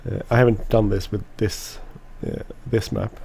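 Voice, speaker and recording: A man's voice: lowish voice, little pitch movement, normal speed, gravelly, darkish tone, husky. A man whose first language is Swedish, giving rambling casual commentary while playing a farming game, with lots of restarts and fillers. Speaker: let's play host.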